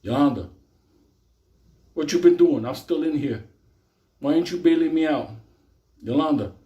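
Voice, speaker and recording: A man's voice: on the high side, normal speed, mellow, reverberant, lo-fi sound, pitched above the performer's own voice, lightly acted. A man voicing a desperate male inmate who keeps pleading on the phone in a whiny, repetitive way.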